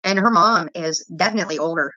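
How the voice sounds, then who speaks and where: A woman's voice: lowish voice, fast talker, bright, forceful tone, no echo. A woman vlogger telling heated, profane stories in casual livestream chat, with dull lo-fi audio.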